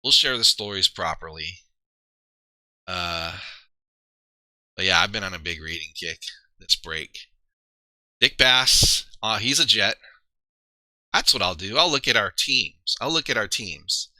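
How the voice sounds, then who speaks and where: Bright-voiced man rambling on stream. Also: fairly low pitch, expressive, measured pace, long pauses, no echo. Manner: rambling, thinking aloud with many fillers and restarts. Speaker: streamer and league player. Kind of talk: casual livestream chat.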